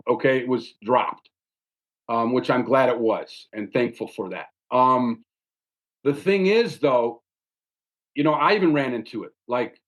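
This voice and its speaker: A man hosting a podcast, telling a story in an animated, casual way and often tacking "man" onto his sentences. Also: mid-range voice. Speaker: podcast host.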